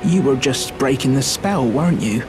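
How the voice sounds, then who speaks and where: A man voicing a small, timid game creature just freed from a tree spell, speaking slowly and plaintively. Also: medium pitch, animated, darkish tone, faint music behind, lightly acted. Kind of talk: video game character dialogue.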